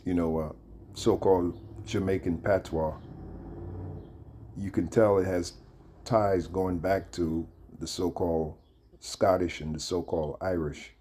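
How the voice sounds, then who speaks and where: Channel host, man, deep and dark-toned, loose rambling commentary. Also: steady tone, unhurried, slight background noise. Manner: rambling, heavy with fillers, reads text aloud. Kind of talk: casual commentary.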